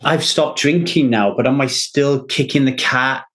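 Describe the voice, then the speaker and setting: A man with a mid-range, slightly bright voice hosts a casual podcast chat at an unhurried pace. He talks earnestly but rambles, repeating words while he thinks.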